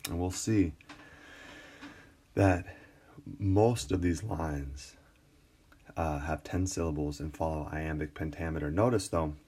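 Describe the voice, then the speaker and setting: A man teaching an English class in a screencast lecture, relaxed and full of fillers and restarts. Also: extremely low pitch, slow, pauses often. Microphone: tablet recording.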